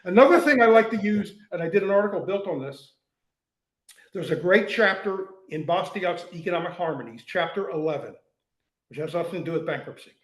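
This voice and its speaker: An older man with a fairly high voice tells stories in a relaxed discussion, often restarting his sentences and repeating words. His voice carries a noticeable echo, as if recorded in a bare room. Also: fairly quick. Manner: animated storytelling with frequent restarts. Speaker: guest, writer. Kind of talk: conversational discussion.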